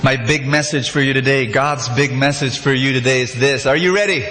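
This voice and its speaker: A man's voice: medium pitch, brisk, a little hiss or hum. A man preaching a sermon, leading call-and-response and acting out the characters in a story. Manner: animated storytelling, acts out characters. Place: large church hall. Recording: echoey hall, faint ambience.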